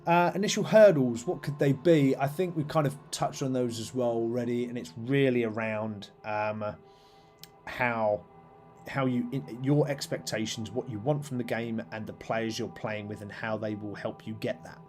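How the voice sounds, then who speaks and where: A man's voice: medium pitch, fairly even intonation, moderate pace, a little mellow, faint music behind. A man hosting a live stream, chatting casually about tabletop roleplaying with lots of fillers and restarts. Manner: rambling, many fillers and restarts. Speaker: host.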